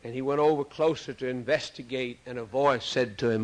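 A man preaching a sermon, swinging from loud, soaring rises to hushed, quiet drops. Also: medium pitch, brisk, rough recording.

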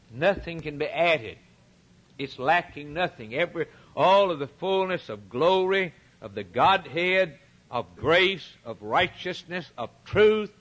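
A man's voice: on the high side, fairly bright tone. A man preaching a sermon, emphatic and repetitive, dramatically retelling scripture and addressing the congregation as brethren.

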